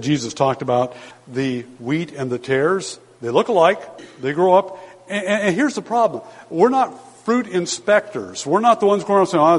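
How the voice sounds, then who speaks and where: Older guy pastor preaching, kinda high voice, leans hard on the verses, long reverb like a big church. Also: slightly rough. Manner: emphatic, slows down to stress scripture quotes. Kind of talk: sermon.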